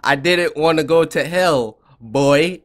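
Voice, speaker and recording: A man giving excited gameplay commentary, loud and trash-talking, shouting at the screen. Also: a little high, slow pace, a little hiss or hum. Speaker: gaming YouTuber.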